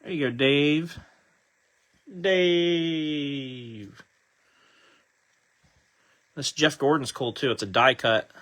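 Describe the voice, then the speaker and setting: A man's voice: medium pitch, normal speed, hardly any pauses, a bit bright, breathy edge. A man hosting a live trading-card break, casually chatting while he reads out each card he pulls.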